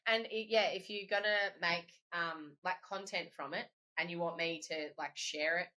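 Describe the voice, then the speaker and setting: Playful Australian woman, bright voice. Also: lowish voice, normal speed. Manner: laughs often, playful and jokey. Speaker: guest wedding photographer. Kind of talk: casual chat.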